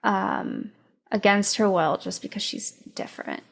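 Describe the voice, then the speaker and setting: A woman podcast host casually retelling a book's plot, with many fillers and pauses. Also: mid-range voice, gravelly. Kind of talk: casual book discussion.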